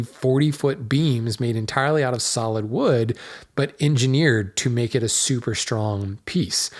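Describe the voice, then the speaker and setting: Man, podcast host, mid pitch, casual solo talk, rambling with fillers. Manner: conversational, many fillers and restarts. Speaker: hardwood dealer.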